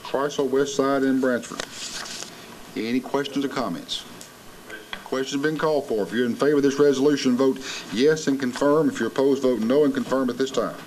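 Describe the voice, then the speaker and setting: A man's voice: mid-range voice, steady tone, normal speed, a little mellow, slight background noise, rough recording. A man with a Southern American accent chairing a county commission meeting, calling votes in a formal, procedural way. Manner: formal, procedural vote calls.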